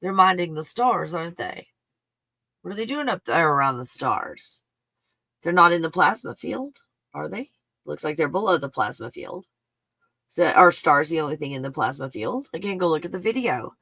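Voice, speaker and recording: Livestream host, excited monologue, bright forceful tone, dry close sound, prone to swearing and exclaiming. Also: medium pitch, moderate pace, dry recording. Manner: thinks aloud, bursts into exclamations; swears under breath. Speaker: live stream host.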